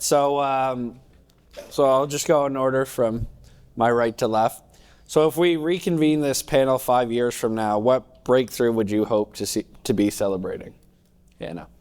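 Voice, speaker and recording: A man's voice: mid-range voice, a little mellow, clean tone. A man moderating a conference panel, giving brief, upbeat prompts to the speakers.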